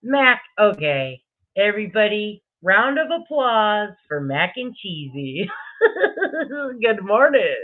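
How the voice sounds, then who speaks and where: A livestream host chats casually and profanely and greets viewers by name. The voice sits at a middle pitch. The audio is thin and tinny, like a phone line. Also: big pitch swings, takes it slowly.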